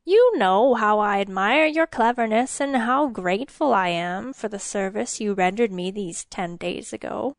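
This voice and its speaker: A woman voicing an excitable, gold-obsessed king who sobs, rages and pleads. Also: mid-range voice, unhurried, hardly any pauses, no room sound, close to an everyday voice. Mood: eager. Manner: sobbing, raging, then pleading.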